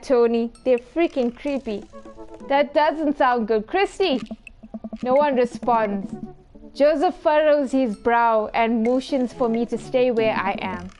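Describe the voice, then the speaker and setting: This gaming host reads through a dating game's text with live commentary, giggling and teasing along the way. Her fairly high, darkish voice is unhurried, and faint music plays behind her.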